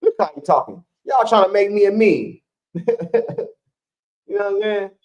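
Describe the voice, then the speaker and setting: Man, high voice, casual streamer, slangy, chatty with viewers. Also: measured pace, a little mellow, lo-fi sound. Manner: slangy, talks to the chat, laughs often. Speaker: live stream co-host. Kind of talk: casual live stream game chat.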